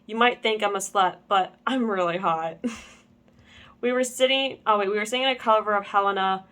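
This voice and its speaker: A woman's voice: mid-range voice, normal speed, sharp tone, clean tone. A young woman reading a fan story aloud with comic asides. She laughs often, stumbles over words and goes back to reread them. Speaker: channel host.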